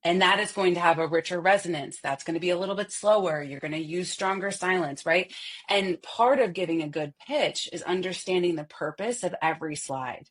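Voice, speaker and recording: A woman's voice: fairly low pitch, a little fast. A woman voice coach on a podcast, speaking expressively and showing how to shift her voice. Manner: expressive, demonstrates vocal styles. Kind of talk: podcast interview.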